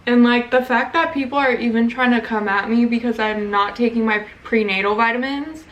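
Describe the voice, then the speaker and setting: A woman's voice: fairly high pitch, fairly even intonation, a little fast, few pauses, recorded from a distance, low-quality recording. A young woman, pregnant, talking casually through a makeup tutorial and a rant, blunt and profane. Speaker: beauty vlogger.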